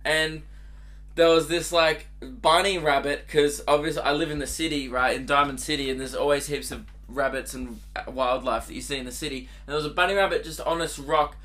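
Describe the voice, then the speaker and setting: A young man talks alone into his podcast mic, rambling and giggling through crude stories. His voice sits a little high for a man and rings bright and forceful. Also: steady tone, brisk. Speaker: podcast host. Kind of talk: casual solo podcast monologue.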